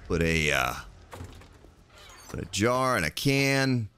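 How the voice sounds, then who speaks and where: Animated, bright-voiced male game streamer. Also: lowish voice, slow pace, slight background noise. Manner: playful, animated, talks to himself and chat. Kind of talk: live gameplay commentary chatting with viewers.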